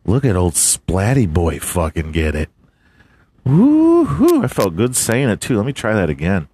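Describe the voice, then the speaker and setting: A man's voice: low-pitched, expressive, normal speed, a little mellow, slightly rough. A man hosting a casual solo podcast, swearing a lot, laughing, and fumbling through hard names. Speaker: podcast host.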